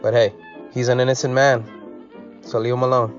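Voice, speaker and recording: A man's voice: medium pitch, level tone, fairly quick. A man hosting a casual commentary show, reading posts aloud and adding dry, sarcastic asides. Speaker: host of a commentary channel. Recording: slightly dull audio with faint music.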